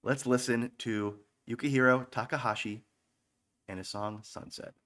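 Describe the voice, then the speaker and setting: A man's voice: medium pitch, steady tone, normal speed, fairly bright tone. A man in his thirties hosting a radio-style stream, talking casually between songs in a rambling, offhand way, swearing often and making self-mocking jokes. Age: 30s. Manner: self-mocking, joking asides. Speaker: online radio stream host.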